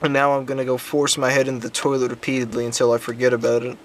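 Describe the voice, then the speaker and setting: A man's voice: medium pitch, completely flat delivery, fast talker, slight background noise. A young man telling work stories on his vlog in a casual, rambling way, swearing often and trailing off into ums and restarts. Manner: profane, rambling, crude jokes. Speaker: vlogger.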